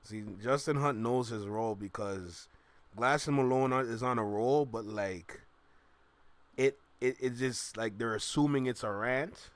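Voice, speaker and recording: A man's voice: mid-range voice, measured pace, no room sound. A man hosting a reaction video, commenting emphatically and talking to his viewers. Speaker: YouTube reaction host.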